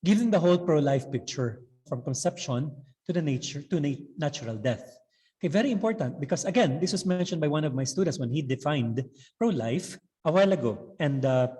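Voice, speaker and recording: A man's voice: a little high, a little mellow, in a large hall, low-quality recording. A man in his fifties with a Visayan Filipino accent gives a webinar lecture to teachers, mixing English with Tagalog and tagging lines with "okay" and "no?". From Philippines. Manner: switches between English and Tagalog, frequent "okay" and "no?" tags. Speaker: teacher trainer.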